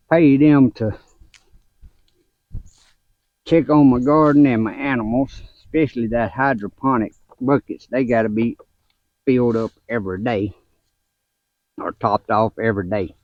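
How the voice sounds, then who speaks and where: Slow-talking older grandpa. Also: male voice, steady tone, no echo, phone-quality sound. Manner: folksy, laughs between stories, raises pitch when telling the story. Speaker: gardening vlogger and grandfather. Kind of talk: casual storytelling vlog. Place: outdoors in a garden.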